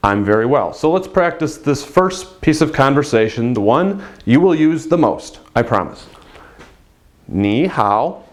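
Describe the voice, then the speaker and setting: A man's voice: medium pitch, sing-song, moderate pace, few pauses. A man teaching a casual language lesson on video, patiently drawing out example phrases for learners to repeat.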